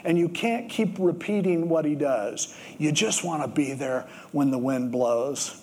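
A man preaches in an easygoing, conversational sermon voice that sits a little high for a man. He drifts into stories and explains scripture as if chatting with the congregation. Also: measured pace, slight background noise. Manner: conversational storytelling, with lively acted quotes. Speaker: pastor.

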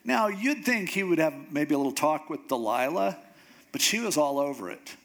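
A male preacher tells a story from the pulpit in a conversational, joking way. His voice sits a bit high, and he is animated, tossing off wry asides between the action. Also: moderate pace, vocal fry. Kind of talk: humorous sermon storytelling.

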